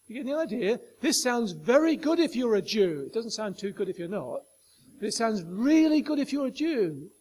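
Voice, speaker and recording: High-voiced man preaching emphatically. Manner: emphatic, rhetorical questions to the listeners. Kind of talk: sermon.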